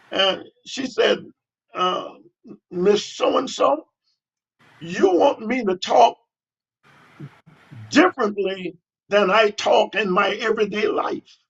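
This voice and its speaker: Halting, husky older man pastor. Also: sits high, a bit bright, lo-fi sound. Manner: halting, many pauses and fillers. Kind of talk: interview answer.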